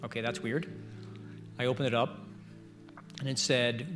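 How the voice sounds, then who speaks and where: Guest preacher, man, middle-aged, animated storyteller, drops to hushed prayer then surges loud. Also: medium pitch, unhurried, long pauses, faint music behind. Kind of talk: sermon. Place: church service.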